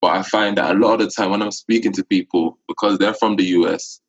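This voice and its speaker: A man's voice: low-pitched, fairly even intonation, quick pace, husky, lo-fi sound. A young man with a London accent asking a hesitant question in a casual podcast chat, full of fillers. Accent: London English. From England. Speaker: sales rep asking a question.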